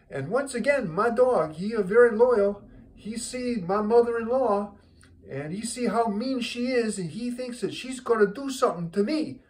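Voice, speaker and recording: A man's voice: extremely high pitch, voice pushed up, rough recording. A man voicing a blunt older Italian widower who speaks broken English and drops his verb endings.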